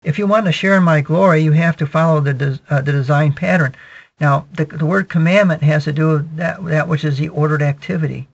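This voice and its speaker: A male preacher with a higher-pitched, steady, creaky voice gives a verse-by-verse Bible exposition, captured on a dull recording. His teaching is measured and peppered with "okay" and repetitions.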